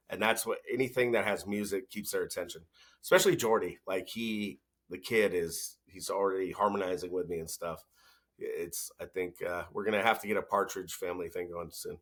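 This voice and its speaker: Bright-toned dad joking with his co-hosts. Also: deep voice, fairly quick. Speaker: podcast co-host. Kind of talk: casual chat.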